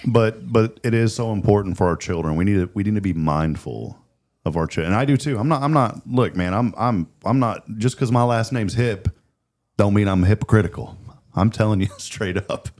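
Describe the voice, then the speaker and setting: A man's voice: fairly low pitch, a little fast, a little mellow. A man hosting a casual talk show, chatty and earnest, often repeating words as he starts a sentence. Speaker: host.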